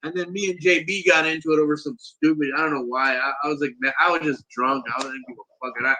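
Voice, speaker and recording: A man's voice: on the high side, fairly even intonation, fast, sharp tone, a little hiss or hum, rough recording. A man rambling through a profane story on a livestream and mimicking the people in it. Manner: rambling storyteller, swears a lot, mimics others. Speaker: livestream guest. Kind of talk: casual profane chat.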